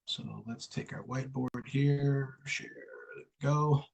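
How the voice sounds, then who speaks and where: Slow, patient male English tutor. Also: mid-range voice, level tone, creaky, muffled recording. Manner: patient, slow, drills sounds with repetition. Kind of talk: online one-on-one lesson.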